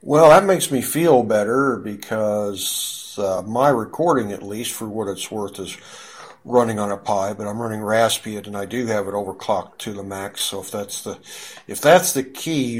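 A man with a lowish voice hosts a casual online group chat. He rambles through his thoughts, stopping often to restart his sentences and fill the gaps with "uh". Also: normal speed, husky. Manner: rambling, many fillers and restarts.

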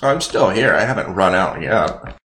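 A man with a very deep voice sounds groggy, as if he just rolled out of bed, and jokes around in a relaxed way. His voice carries a roomy echo. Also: normal speed, slight background noise. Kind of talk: casual group chat.

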